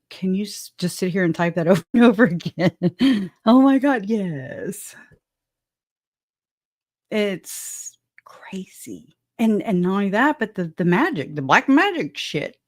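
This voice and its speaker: In clean studio audio free of room sound, a woman with a mid-range, slightly mellow voice hosts an easygoing true-crime livestream. Hailing from southwest Louisiana, she greets viewers, chats, and laughs often between joking remarks.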